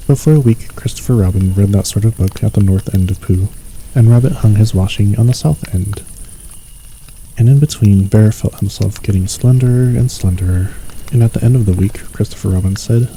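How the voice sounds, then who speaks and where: Brief: male ASMR sleep reader, low mellow voice, calm and unhurried. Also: slight background noise, low-quality recording. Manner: calm, unhurried, lightly voicing each figure. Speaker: audiobook reader. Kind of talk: soft ASMR sleep story reading.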